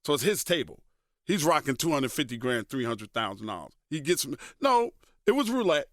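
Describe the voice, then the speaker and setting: A man, a radio personality telling stories as a guest in a casual interview, animated and swearing freely. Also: a little high, normal speed, no echo, clean studio sound. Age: 50s. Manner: profane, animated storyteller who voices others in quotes.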